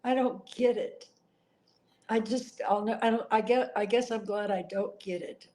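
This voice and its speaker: A woman's voice: on the high side, steady tone, unhurried, darkish tone, low-quality recording. A middle-aged woman answering interview questions in an earnest, emotional way, now and then apologizing for getting upset. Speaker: interview guest.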